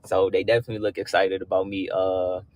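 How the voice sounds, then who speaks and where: A young man filming a vlog about buying his new truck, hyped and slangy, shouting with joy, at a dealership and inside the truck on a phone camera. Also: low-pitched, little pitch movement, fast talker, low-quality recording. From Michigan. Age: young adult. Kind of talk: excited vlog clip. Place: truck dealership lot, outdoors and in a truck.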